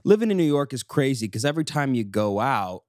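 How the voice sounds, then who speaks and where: A young man in his twenties hosting a solo podcast, chatty and self-mocking, running off on animated tangents into a studio microphone. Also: mid-range voice, brisk, a little hiss or hum. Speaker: podcast co-host.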